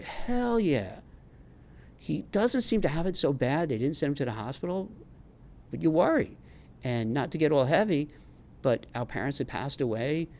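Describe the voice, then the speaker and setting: A chatty middle-aged man with a New York accent and a slightly high voice. He rambles freely, restarting sentences as he talks straight to camera in a homemade vlog. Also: a little mellow. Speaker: career advice vlogger and recruiter. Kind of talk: casual homemade vlog monologue.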